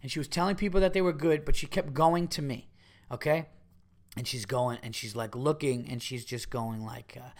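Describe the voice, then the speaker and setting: A man's voice: medium pitch, a little fast. A middle-aged man, a comedian hosting his podcast, telling a profane, heated story and repeating himself as he acts out what people said.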